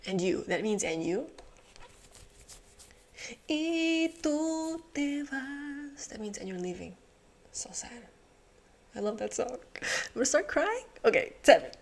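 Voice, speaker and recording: Host, female, mid-pitched, casual think-aloud solving, mutters, swears, laughs a lot. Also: sing-song, normal speed, creaky, slightly rough. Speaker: puzzle channel host.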